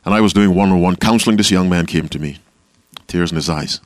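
A man delivers a sermon in a lowish voice, questioning his listeners and answering in single words. The recording is dry and close, with little room sound. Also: a little fast, no room sound. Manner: call-and-response preaching, questioning the audience. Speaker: pastor. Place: camp meeting talk.

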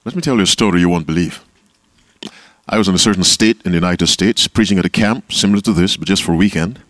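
A man preaching a sermon as pastor, asking his listeners questions and answering them himself, with quotes acted out softly. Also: deep voice, fast, dry recording. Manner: call-and-response preaching, questioning the audience. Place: camp meeting talk.

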